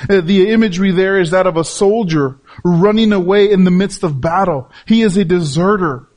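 A man's voice: high voice, moderate pace, darkish tone. A man, a pastor, preaching a sermon with emphatic repetition and rhetorical questions to his listeners.

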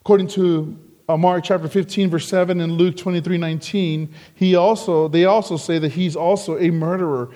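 A man preaching an expository sermon, slow and deliberate, growing emphatic when quoting the crowd. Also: sits high, steady tone, warm tone. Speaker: pastor.

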